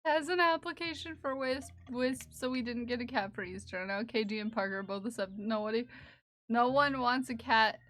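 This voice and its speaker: A woman's voice: a little high, normal speed, fairly bright tone, no room sound. A woman chatting casually on a livestream while knitting, laughing often and talking fondly to her cat. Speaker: streamer.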